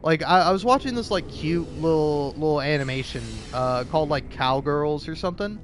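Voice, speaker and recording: A man hosting a gaming video, ranting casually with constant swearing and lots of filler words, building into loud outbursts. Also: on the high side, normal speed, a little hiss or hum. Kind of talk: casual profane rant.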